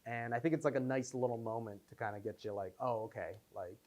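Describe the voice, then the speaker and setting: A man's voice: medium pitch, fast talker. A young man answering audience questions after a film screening, telling stories with lots of fillers and restarts. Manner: rambling, animated storytelling with many fillers. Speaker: filmmaker at Q&A. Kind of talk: casual post-screening Q&A.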